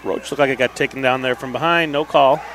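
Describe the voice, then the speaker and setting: A man's voice: medium pitch, fairly even intonation, fairly bright tone, a little hiss or hum. A man giving casual, analytical color commentary during a live indoor soccer broadcast. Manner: quick, casual analytical remarks.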